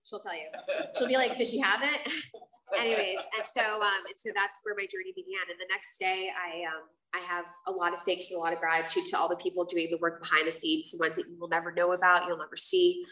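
A woman's voice: lowish voice, level tone, fast talker, hardly any pauses, pushed and bright. A woman giving a casual, candid personal testimony as the speaker at a recovery meeting, full of fillers and the odd swear word. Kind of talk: personal testimony to a live group. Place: meeting room. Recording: roomy sound from a distance.

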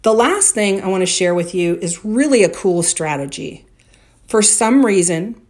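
Woman, middle-aged, podcast advice host, direct and emphatic, lowish voice. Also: darkish tone. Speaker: podcast host and workplace coach. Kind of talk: solo advice talk.

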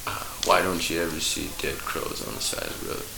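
A man's voice: very deep voice, animated, fairly quick, gravelly, bright, forceful tone, echoey room, slight background noise, poor audio. A man telling long, profane jokes and stories in a rambling, casual way, putting on voices for the people in them. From Idaho. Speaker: podcast guest, local musician. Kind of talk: casual storytelling.

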